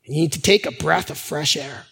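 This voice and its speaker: A male pastor giving a sermon in a conversational, animated storytelling manner. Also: on the high side, moderate pace, gravelly, breathy edge, long reverb tail.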